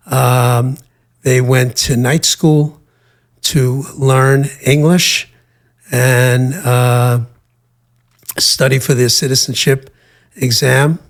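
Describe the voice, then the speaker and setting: An older man from the United States, a guest in an interview, telling his life story in a measured way with frequent pauses and fillers. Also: medium pitch, fairly even intonation.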